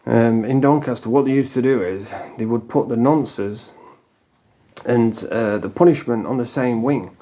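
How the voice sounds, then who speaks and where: A man's voice: medium pitch, unhurried, warm tone. A man, ranting bluntly in a casual monologue and swearing freely. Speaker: vlogger.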